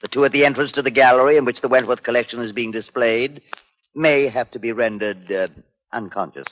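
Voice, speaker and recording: A man's voice: mid-range voice, fairly bright tone, lightly acted. A man playing a cold, scheming crime boss. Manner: measured, commanding, menacing. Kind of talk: 1940s radio acting. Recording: muffled old radio recording.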